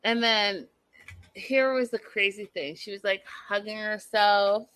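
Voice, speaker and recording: Woman host, chatty and sassy, bright tense voice, slow unhurried delivery. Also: medium pitch, fairly even intonation, dry recording. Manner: chatty, sassy, talks to viewers. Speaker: reality TV recap host. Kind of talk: casual chat recapping an episode.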